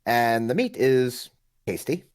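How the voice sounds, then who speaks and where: A man co-hosting a casual podcast, telling a story in an animated way. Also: medium pitch, takes it slowly, clear, resonant tone. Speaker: podcast co-host. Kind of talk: casual chat.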